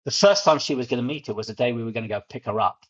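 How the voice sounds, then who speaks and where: London guy telling stories fast, keeps repeating words, kinda dull muffled audio. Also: mid-range voice. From England. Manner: animated storyteller, often repeats words. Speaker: guest. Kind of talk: storytelling interview.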